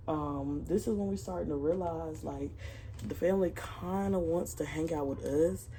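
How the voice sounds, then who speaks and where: A woman's voice: sits low, a little hiss or hum. A young woman vlogger telling a family story in a casual, profane, slang-heavy way and. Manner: profane, animated retelling with slang.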